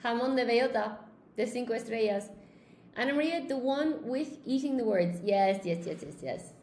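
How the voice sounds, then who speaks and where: A woman from Spain teaches an English lesson live, chatting with viewers as she reads their comments. Her voice sits a little high, and the room gives it a noticeable echo over a faint hiss. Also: lively intonation, moderate pace, darkish tone.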